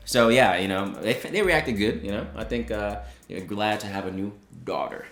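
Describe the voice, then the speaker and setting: A man's voice: on the low side, brisk, hardly any pauses, fairly bright tone, echoey room, faint music behind. A young man co-hosting a couple's vlog, chatting casually and playfully. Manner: playful, laughs often. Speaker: vlog co-host. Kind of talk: casual chat.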